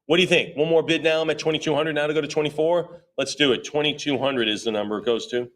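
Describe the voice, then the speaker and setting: A male auctioneer runs a live sale in a steady chant of rising bids. Between the numbers he tosses off quick jokes and teasing asides to the bidders. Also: fairly high pitch. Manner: rapid repetitive bid chant with joking asides. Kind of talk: live auction bid calling.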